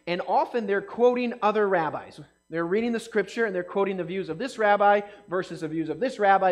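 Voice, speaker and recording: A man giving a casual, conversational sermon, animated and often asking his listeners questions. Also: sits high. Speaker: pastor.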